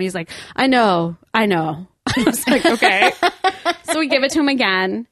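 A woman telling a story in a casual chat, animated and laughing often. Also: a little high, brisk, no room sound, studio quality.

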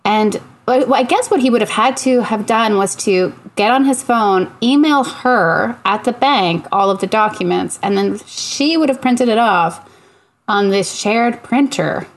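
A woman from Canada telling a funny story in casual chat, animated, acting out the people she quotes and laughing often. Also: a little high, unhurried. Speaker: podcast co-host.

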